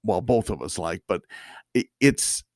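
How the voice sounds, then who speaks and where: A man co-hosting a podcast in casual chat, halting and restarting his sentences with a chatty, easygoing manner. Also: fairly low pitch, expressive, no room sound, studio quality. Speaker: podcast co-host.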